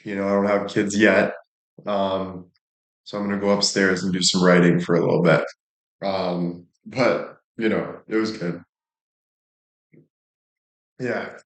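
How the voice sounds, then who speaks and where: A man's voice: sits low, little pitch movement, a little slow, pauses often. A young man livestreaming, telling rambling stories in a casual chat with lots of swearing. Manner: crude, rambling storytelling with frequent swearing. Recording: echoey room.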